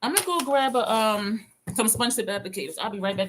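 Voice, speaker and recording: A woman's voice: on the high side, fast talker, background noise. A woman vlogger chatting casually on a live stream from her home desk, talking to viewers by name and reading their comments aloud.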